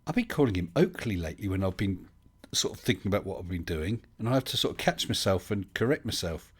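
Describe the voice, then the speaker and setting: Man, forties, rambling live stream host, lowish voice, lots of ums. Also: sing-song, quick pace, husky. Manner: rambling and chatty, with many fillers and restarts. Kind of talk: casual live chat reading viewer comments.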